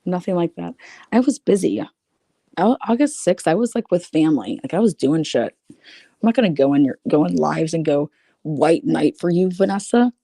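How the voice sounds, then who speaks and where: A woman's voice: deep voice, very animated, a little fast, mellow, breathy edge, dry recording, studio quality. A woman reading out private messages and commenting on them in a blunt, profane, sarcastic way. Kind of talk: casual commentary reading screenshots.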